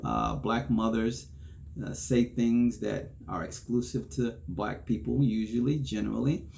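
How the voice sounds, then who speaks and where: A man's voice: mid-range voice, fairly even intonation, unhurried, vocal fry, darkish tone, slight background noise. A man hosting a solo podcast, chatting casually, chuckling between points and often checking in with "okay?". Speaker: podcast host.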